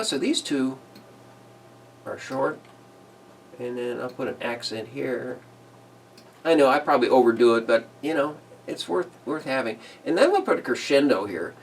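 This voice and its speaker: Relaxed man scatting while he explains. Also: mid-range voice, moderate pace, creaky, pauses often, far from the mic. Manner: relaxed, chuckles, sings phrases as "ba da da". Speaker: arranger teaching big band writing. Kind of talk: casual screen-recorded tutorial.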